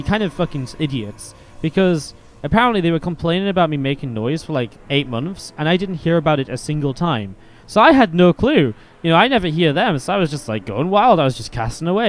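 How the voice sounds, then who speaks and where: A man's voice: a little high, big pitch swings, quick pace, hardly any pauses, a little hiss or hum. A man streaming and casting a strategy game, chatting casually at a desk microphone. He rambles and swears freely, with lots of filler words. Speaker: StarCraft caster and streamer. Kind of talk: casual stream chat over game commentary.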